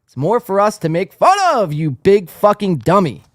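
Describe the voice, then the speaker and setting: A man's voice: high-pitched, animated, moderate pace, no room sound. A young man hosting a podcast in casual chat, brash, teasing and profane. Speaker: podcast host.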